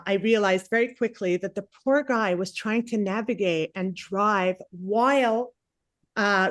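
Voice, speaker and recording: Forties female comic, rambling self-mocking storyteller, mid-pitched voice, dry close recording. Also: no room sound. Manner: chatty, self-mocking, acts out quotes. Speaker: stand-up comedian. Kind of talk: stand-up comedy storytelling.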